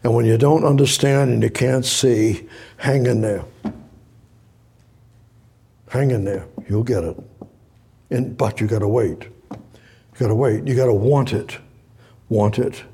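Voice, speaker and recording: A man's voice: mid-range voice, unhurried, creaky, long pauses, mellow, husky. A man preaching a sermon, reading scripture aloud and breaking off to explain it, repeating phrases and rising to emphatic exhortation.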